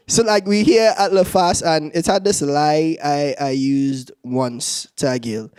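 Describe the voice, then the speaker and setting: A man's voice: fairly high pitch, a little slow, hardly any pauses, clear, resonant tone, dry recording, clean studio sound. Young Trinidadian man doing stand-up. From Trinidad and Tobago. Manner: laughs through his own lines, animated storytelling. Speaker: stand-up comedian. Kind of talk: stand-up comedy set.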